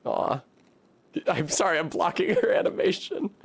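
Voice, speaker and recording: A man's voice: high voice, wildly swooping pitch, creaky, husky. A man streaming a narrative game, reading character lines aloud and joking about them. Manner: jokey, reads dialogue in a slow deliberate way.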